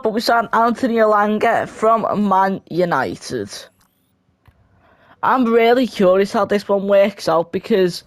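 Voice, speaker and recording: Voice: medium pitch, no echo, clean studio sound. A young adult giving a casual, chatty voice-over of a football game, correcting themself and laughing briefly along the way. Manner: chatty, self-correcting, quick laughing asides. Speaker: gaming video creator.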